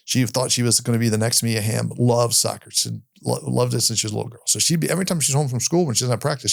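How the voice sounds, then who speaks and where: Middle-aged guy, super gravelly fry voice, dry close sound, halting storytelling, repeats himself. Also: mid-range voice, no echo. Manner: halting, restarts and repeats words often; candid, occasionally swears. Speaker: podcast guest. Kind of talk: personal storytelling in conversation.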